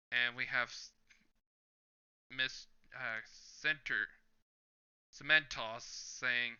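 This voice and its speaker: A man's voice: mid-range voice, bright, forceful tone, smooth. A man hosting a manga reaction video, describing each panel in turn and reading the lines aloud in a casual way, in a slightly dull lo-fi recording. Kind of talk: casual manga read-along commentary.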